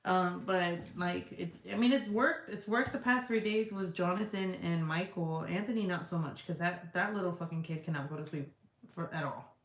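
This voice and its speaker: Reading through viewer comments on her live stream, a woman in her thirties talks bluntly, swears freely, and laughs a lot. She speaks at a moderate pace in a fairly low voice, with an echoey home room and a little hiss or hum in the background.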